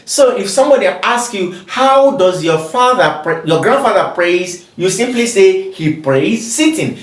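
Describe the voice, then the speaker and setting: A man teaching Arabic grammar in English, patiently explaining, repeating each example and its translation. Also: high-pitched. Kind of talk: recorded grammar lesson. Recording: echoey room.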